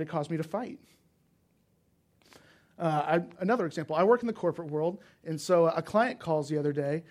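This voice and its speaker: A man's voice: a little high, darkish tone. Emphatic, conversational male preacher. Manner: conversational, emphatic, rising to intensity. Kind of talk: sermon with personal stories.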